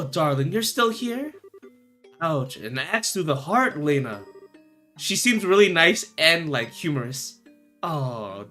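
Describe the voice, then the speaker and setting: A man's voice: on the high side, sharp tone. A young man streaming a game, reacting emotionally, stammering and swearing as he comments. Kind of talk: let's play commentary.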